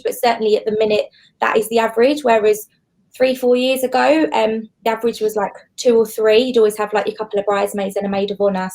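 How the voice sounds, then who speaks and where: A woman's voice: fairly high pitch, a little mellow. A woman with an Essex accent, chatting casually about her bridesmaid dress prices as a podcast co-host, using lots of "like" and "um". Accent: Essex English. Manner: chatty, many "like" and "um" fillers.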